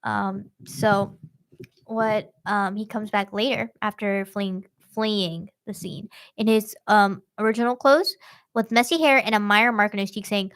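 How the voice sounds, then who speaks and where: A woman's voice: medium pitch, a little slow. A young woman hosting a true-crime podcast, retelling a case in casual, slangy chat. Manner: slangy, animated storytelling.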